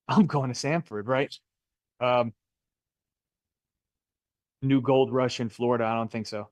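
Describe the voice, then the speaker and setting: A man's voice: medium pitch, steady tone, unhurried, pauses often, no room sound. A middle-aged man teaching a live real estate license class in a Florida classroom, chatty and jokey, often quizzing his students.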